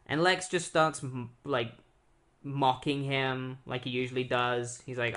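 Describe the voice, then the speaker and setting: A man co-hosting a podcast, casually retelling a comic storyline with lots of fillers and quick quoted character voices. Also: mid-range voice, steady tone, fairly bright tone. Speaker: podcast co-host. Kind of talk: casual comic book recap.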